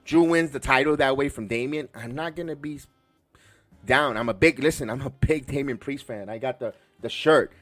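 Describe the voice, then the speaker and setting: A man from the Bronx hosting a podcast, reviewing a wrestling show in a rambling, excitable way full of restarts. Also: mid-range voice, normal speed, dry recording. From the Bronx, New York. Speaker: podcast host.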